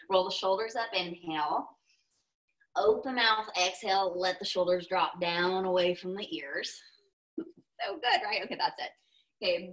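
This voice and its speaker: A young woman with a Texan accent leads a yoga class in a slightly low voice. She gives calm, step-by-step cues for breath and movement. Now and then she breaks in with playful, goofy asides. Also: rough recording. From Texas, US. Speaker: yoga instructor.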